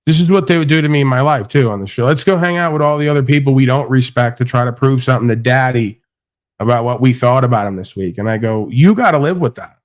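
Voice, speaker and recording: A man holding forth on a live stream, boasting and mocking at length in loose, crude banter. His voice sits at an ordinary middle pitch, and he keeps talking without pause.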